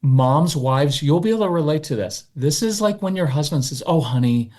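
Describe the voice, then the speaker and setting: A man as a podcast guest, coaching parents in a matter-of-fact, animated way and slipping into quick voices of parents. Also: on the high side. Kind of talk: podcast interview.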